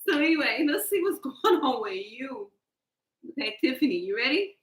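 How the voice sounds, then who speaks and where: Tarot-reader woman, high pitch, playful and jokey, echoey room. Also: moderate pace. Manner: animated, joking, laughs often. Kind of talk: casual live tarot reading and chat.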